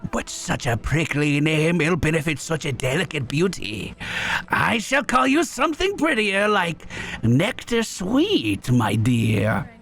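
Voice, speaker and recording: A man's voice: a little high, sing-song, unhurried, gravelly, a bit bright, heavily acted. A man voicing a smarmy, flirtatious male flea merchant in a put-on French accent, oily and theatrical. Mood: fawning.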